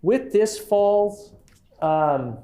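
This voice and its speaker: Sarcastic Canadian minister in committee debate. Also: male voice, high-pitched, lively intonation, very slow, warm tone. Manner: combative, sarcastic, repeats "Mister Chair". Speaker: education minister answering in committee. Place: legislative committee room. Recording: legislative room feed with faint noise.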